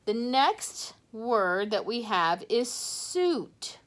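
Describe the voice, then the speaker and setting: Slow patient woman teacher. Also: a little high, sing-song, fairly bright tone. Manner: slow, patient, sounding out letters. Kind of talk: phonics lesson for young children. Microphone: handheld phone or camera tipped toward a worksheet.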